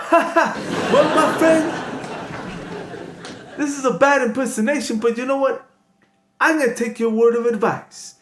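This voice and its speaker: A man voicing a brash, loud male wolf talk-show host in an improvised comedy sketch, excitable and full of catchphrases. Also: extremely high pitch, measured pace, pauses often. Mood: gleeful. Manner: excitable, shouty, cackling catchphrases. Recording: echoey room with steady noise.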